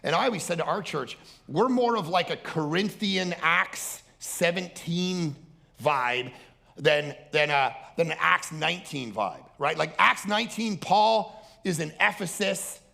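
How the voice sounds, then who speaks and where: A male pastor preaching with a high-set, sharp and bright voice that has a gravelly edge. He talks loudly and in an animated way, throwing himself into an energetic sermon. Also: unhurried. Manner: animated, loud, acts out other people's voices.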